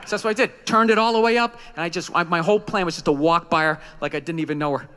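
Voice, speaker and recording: On a comedy club stage before a live audience, a male stand-up rants profanely and acts out the voices in his stories. His voice is a little high, clean and fairly bright, with a quick pace.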